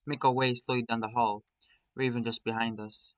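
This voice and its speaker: A man's voice: mid-range voice, level tone, moderate pace, fairly bright tone, low-quality recording. A man reading a visual novel aloud in a dramatic first-person storytelling manner. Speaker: narrator.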